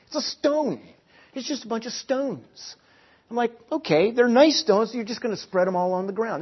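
A man's voice: on the high side, husky. A middle-aged man preaching a sermon, teaching earnestly and repeating key phrases for emphasis. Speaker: pastor. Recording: dull lo-fi recording.

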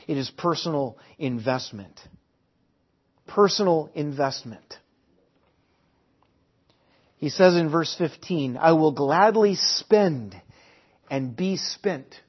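A man preaching a sermon at a church service. He repeats key phrases and swings between quiet and loud delivery. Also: mid-range voice, husky. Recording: dull lo-fi sermon recording.

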